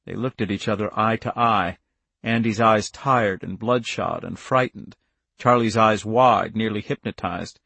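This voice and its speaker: A man reading a novel aloud in a measured, tense storytelling voice. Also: lowish voice, vocal fry, bright, forceful tone, slightly rough, no room sound. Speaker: narrator. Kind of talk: audiobook narration.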